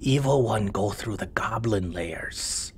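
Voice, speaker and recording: A man's voice: on the low side, takes it slowly, a little mellow, slight background noise. A man voicing a small kobold who speaks in broken, simple grammar. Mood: plain. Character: small timid male kobold ally.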